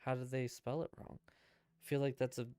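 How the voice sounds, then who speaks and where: A man's voice: mid-range voice, flat delivery, normal speed, darkish tone, clear, resonant tone, soft background music. A man streaming himself playing a game, chatting casually and rambling in answer to his chat. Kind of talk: casual gameplay commentary.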